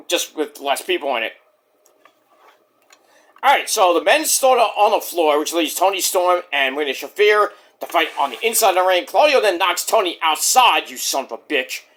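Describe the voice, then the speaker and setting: A man's voice: fairly high pitch, big pitch swings, normal speed, fairly bright tone. A man reviewing a wrestling show in a casual, rambling, jokey way, interrupting himself with asides.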